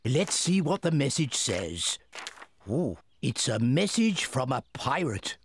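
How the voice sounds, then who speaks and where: A man's voice: mid-range voice, sing-song, slow, noisy background. An actor voicing a cheerful, self-assured male pig father in a cartoon. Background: background music.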